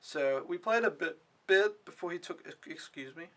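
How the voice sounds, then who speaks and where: A man's voice: fairly high pitch, expressive, moderate pace, a bit bright. A young man doing a casual vlog recap of his week as an au pair, rambling with lots of "like" and frequent swearing. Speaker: au pair vlogger.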